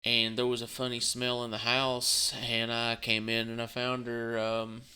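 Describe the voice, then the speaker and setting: A man talking casually on his channel, subdued and tired, rambling with halting restarts and the odd curse. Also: mid-range voice, completely flat delivery, sharp tone, clear, resonant tone. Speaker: gaming channel host. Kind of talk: casual vlog talk.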